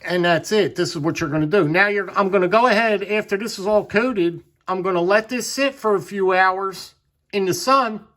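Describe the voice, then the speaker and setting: A man with a rather high voice walks through a hands-on demonstration. His talk is folksy and unpolished, and he says words twice or three times to drive a point home. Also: normal speed, a bit bright. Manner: folksy, repeats words for emphasis. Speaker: knife channel host.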